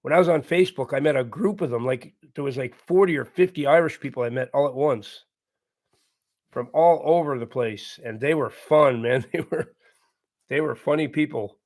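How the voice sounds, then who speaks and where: A man's voice: medium pitch, normal speed, a little mellow. A man hosting a live stream, reading viewer comments aloud and answering them in an earnest, repetitive, casual way with frequent chuckles. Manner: earnest, repeats himself, chuckles often. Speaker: livestream host reading chat.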